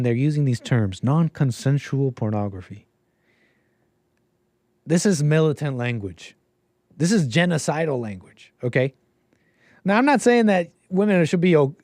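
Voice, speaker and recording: A man's voice: medium pitch, darkish tone, no room sound, studio quality. A man hosting a solo commentary livestream, sarcastic and mocking, often laughing at what he reads. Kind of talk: solo political commentary stream.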